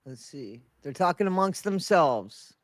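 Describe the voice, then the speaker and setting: A man hosting a casual livestream chat, stuffy and congested, talking haltingly with many restarts. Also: on the high side, sing-song. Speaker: livestream host.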